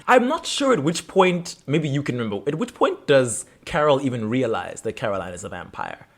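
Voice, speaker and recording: A man's voice: medium pitch, brisk, few pauses. A young man co-hosting a podcast, casually recapping episodes and acting out the characters' lines as he goes. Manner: animated, acts out characters' lines while retelling. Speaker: podcast co-host.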